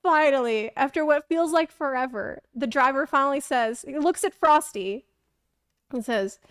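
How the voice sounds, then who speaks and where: A woman streamer telling a story casually on a stream into a close mic, animated, laughing often and acting out the quotes. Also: high voice, moderate pace, dry recording.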